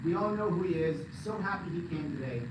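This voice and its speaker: Man giving an animated, joking speech. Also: fairly high pitch, fast talker. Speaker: political commentator giving a speech. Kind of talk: live speech to an audience. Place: large event hall. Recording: echoey hall from far off, loud noise.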